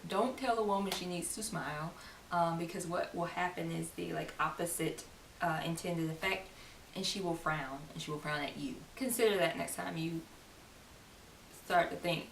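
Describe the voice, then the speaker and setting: A woman's voice: on the low side, moderate pace, vocal fry. Young woman chatting to camera, kinda far from the mic, roomy echo, little hiss. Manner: chatty, laughing asides, acts out quoted lines. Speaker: vlogger. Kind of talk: casual talk to camera.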